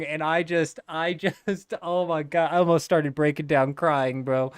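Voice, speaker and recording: Smooth-voiced laid-back male streamer. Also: fairly high pitch, normal speed, no echo, clean studio sound. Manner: laid-back, rambling, swears freely. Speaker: livestreamer. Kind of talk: casual gaming livestream chat.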